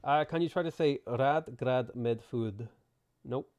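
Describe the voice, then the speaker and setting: A man's voice: mid-range voice, unhurried, dry recording. Give me a man with a sore throat giving laid-back live game commentary in a dry, dead room. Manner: relaxed, chatty, muttering game moves to himself. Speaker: streamer playing a strategy game. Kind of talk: live gameplay commentary, reading chat.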